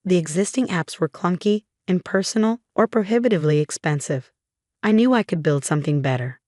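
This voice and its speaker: A woman narrating a first-person story in a steady, measured way. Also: fairly low pitch, dry recording, studio quality.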